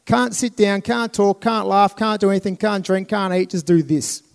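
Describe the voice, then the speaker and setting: High-voiced Australian man telling stories. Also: normal speed, gravelly, clear, resonant tone. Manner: animated storytelling with laughs and acted-out voices. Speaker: speaker. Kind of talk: motivational talk to a live audience.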